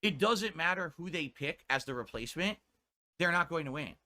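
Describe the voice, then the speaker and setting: A man from the United States rants on a stream in a higher-than-usual, bright, pushing voice. He sounds indignant and swears freely. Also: animated, moderate pace. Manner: indignant, profane ranting. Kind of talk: ranting commentary on a stream.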